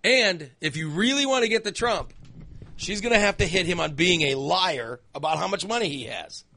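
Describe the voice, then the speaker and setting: A man's voice: high-pitched, lively intonation, moderate pace, pushed and bright, no room sound. A man hosting a talk show, delivering an opinionated monologue in a ranting, sarcastic, exasperated way into a studio microphone.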